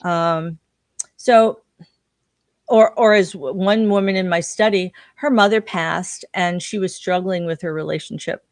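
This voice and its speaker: A woman's voice: lowish voice, measured pace, dry recording, studio quality. A woman guest in an interview, telling stories and acting out the people she quotes. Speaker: guest researcher. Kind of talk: interview storytelling.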